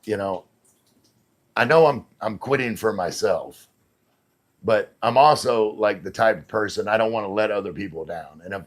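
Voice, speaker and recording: A man's voice: lowish voice, normal speed. A middle-aged man chatting casually on a live stream, reading viewers' messages aloud and answering them. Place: home in the Philippines.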